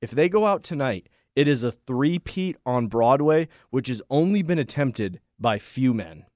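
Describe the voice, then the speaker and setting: A man riffs loosely at a studio mic, swearing freely and telling jokey stories. His voice sits at an everyday middle pitch. The sound is dry and close. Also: animated, unhurried, darkish tone, no room sound. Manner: loose and profane, jokey storytelling. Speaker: podcast co-host. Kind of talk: casual studio banter. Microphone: studio mic with headphones.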